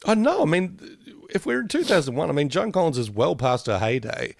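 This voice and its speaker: Gravelly, jokey male podcast co-host. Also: on the high side, sing-song, a little fast, no room sound, studio quality. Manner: rambling, jokey, self-correcting. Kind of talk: casual review chat.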